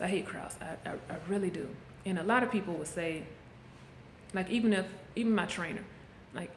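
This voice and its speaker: A middle-aged woman speaking frankly into a handheld camera, coaching her viewers like a friend in a casual motivational vlog. Her voice sits at an ordinary pitch for a woman. It bounces around an echoey room, with a faint hum of ambience behind her. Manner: candid, coaching, talks straight to viewers. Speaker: vlogger.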